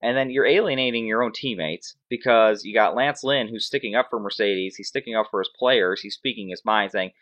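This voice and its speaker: Sarcastic fantasy sports host guy ranting, lowish voice, kinda dull lo-fi audio. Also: brisk, few pauses, fairly bright tone. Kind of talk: casual sports commentary.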